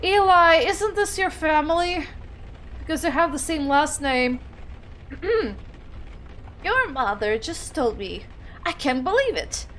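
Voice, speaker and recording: A woman puts on a doting great-aunt reading her own message aloud in a game, high-voiced and gushing. She sounds sentimental and fond throughout. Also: lively intonation, slow, long pauses, fairly bright tone, a little hiss or hum, exaggerated voice. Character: doting older great-aunt, globe-trotting and emotional.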